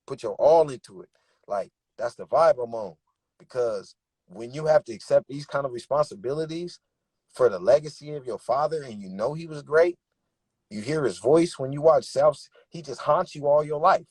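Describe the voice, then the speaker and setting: Young male rapper, husky voice, dry close sound, emphatic streetwise storyteller. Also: medium pitch, moderate pace, a little mellow, dry recording. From Bay Area, California. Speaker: rapper and interview guest. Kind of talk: candid interview talk.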